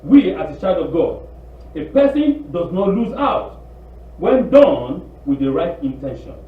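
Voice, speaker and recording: A man preaching a sermon in an animated, pleading way, acting out quotes. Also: on the high side, a little slow, distant mic. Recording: tinny echoey room recording from afar.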